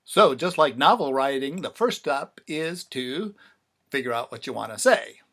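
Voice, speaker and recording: A man's voice: medium pitch, animated, measured pace, gravelly, fairly bright tone. A man talking casually to the camera about writing lyrics, wry and sarcastic, with mock-dramatic repetitions. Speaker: songwriter vlogger. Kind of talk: casual self-filmed vlog talk.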